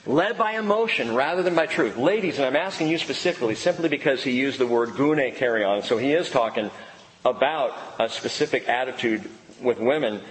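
A middle-aged man preaching a sermon as a pastor, animated, with playful asides and stories. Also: mid-range voice, brisk, big-room sound, a little hiss or hum, low-quality recording.

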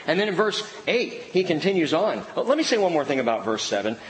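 A middle-aged man preaching a sermon as a pastor, animated, with playful asides and stories. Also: mid-range voice, big-room sound, poor audio.

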